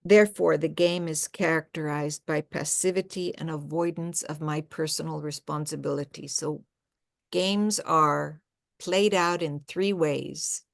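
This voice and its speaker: A woman speaking earnestly at a faith gathering, presenting a reflective talk with slides and often halting to restart. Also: low voice, fairly even intonation, gravelly.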